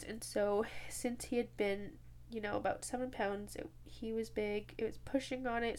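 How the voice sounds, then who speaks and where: A woman's voice: medium pitch, a little mellow. Young woman telling a personal story. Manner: emotional, tells it with quoted dialogue and filler words. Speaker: podcast host.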